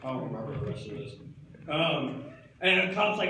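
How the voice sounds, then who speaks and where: A man's voice: on the high side, lively intonation, moderate pace, a bit bright. A young man performing a comic stage monologue, rambling in slacker talk full of "like" and "dude". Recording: echoey hall picked up from far off.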